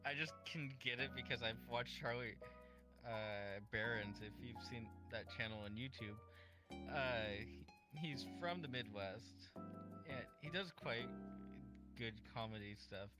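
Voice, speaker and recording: Man, mid-pitched voice, jokey rambling storyteller, casual podcast, music underneath. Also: a little slow.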